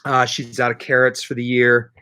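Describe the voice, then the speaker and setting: Man, from central Canada, casual livestream host, bright forceful voice, loud cheerful greetings. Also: mid-range voice, monotone, clear, resonant tone. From Canada (Manitoba). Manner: chatty, greets viewers loudly, quick laughs. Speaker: livestream host reading chat.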